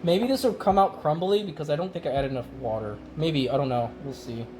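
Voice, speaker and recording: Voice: medium pitch, a little fast, background noise. A streamer chatting casually while cooking on a live stream, rambling and laughing often. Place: home kitchen.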